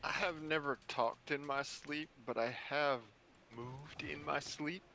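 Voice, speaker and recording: Guy with a bright gravelly voice telling a funny story, bit of hiss behind. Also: fairly high pitch, fairly even intonation, slow. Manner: laughing anecdote teller. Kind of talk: casual chat.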